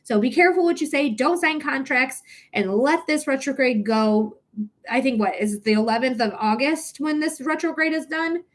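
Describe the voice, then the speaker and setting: A woman's voice: high-pitched, moderate pace. A woman reading tarot on a live stream, emotional and close to tears, gushing thanks to viewers and cursing casually. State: tearful.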